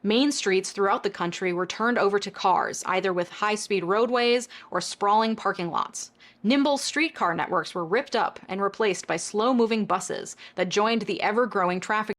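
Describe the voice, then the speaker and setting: A woman reading scripted documentary narration in a measured, explanatory way. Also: medium pitch, a bit bright.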